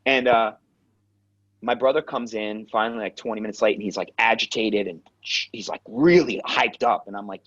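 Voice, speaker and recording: A man, an actor and acting coach, telling lively stories in a casual interview, acting out the voices and swearing freely. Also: fairly low pitch, fairly quick. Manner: animated storyteller, acts out quotes, swears freely. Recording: dull lo-fi sound.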